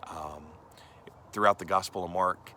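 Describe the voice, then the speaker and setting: A man's voice: deep voice, steady tone, unhurried, sharp tone, a little hiss or hum. A male pastor giving a conversational sermon, earnest and direct, often asking the listeners questions.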